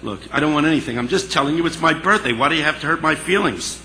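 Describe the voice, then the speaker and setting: A man voicing a lonely, hurt middle-aged woman who speaks softly and pleadingly, in a hall with a long echo. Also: fairly high pitch, animated, fast. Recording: long hall reverb, faint hiss.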